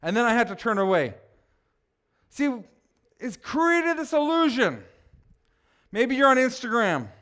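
Lively, high-voiced male pastor preaching. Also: a little slow, pauses often. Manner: animated, teasing, conversational preaching. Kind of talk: sermon.

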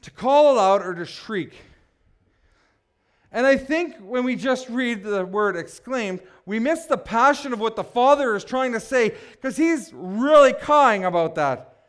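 A man preaching a sermon, building to passionate shouts and breaking off for joking asides. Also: extremely high pitch, expressive, measured pace, clear, resonant tone. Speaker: pastor.

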